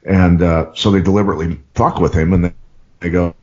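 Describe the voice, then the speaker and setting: A man's voice: sits low, steady tone, a little fast, a little mellow, slightly rough. A man hosting a podcast, telling rambling, profane anecdotes in a casual way. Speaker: podcast host. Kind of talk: casual storytelling. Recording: dull lo-fi podcast audio.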